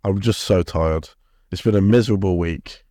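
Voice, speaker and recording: A man talks football on a podcast in a very deep voice, rambling and swearing with frequent laughs. His voice sounds dry and close to the mic. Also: moderate pace, dark tone, no echo. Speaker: podcast co-host. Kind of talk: casual football chat.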